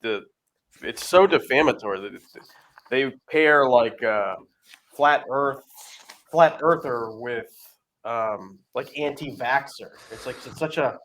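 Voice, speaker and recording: A man co-hosting a podcast, chatting casually, halting and searching for words. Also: mid-range voice, a bit bright, a little hiss or hum. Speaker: podcast co-host. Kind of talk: casual chat.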